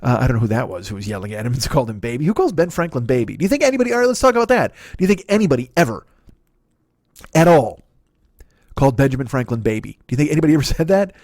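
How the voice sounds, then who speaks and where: Man in his fifties, rapid profane comedic rant, dry close mic, podcast host. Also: mid-range voice, no echo. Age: 50s. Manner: profane, ranting, animated. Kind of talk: rambling comedic monologue.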